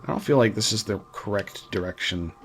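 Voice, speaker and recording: A man's voice: fairly low pitch, brisk, slight background noise. A man hosting a let's play, commenting dryly as he plays a game. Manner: dry, musing remarks while playing. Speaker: host playing the game.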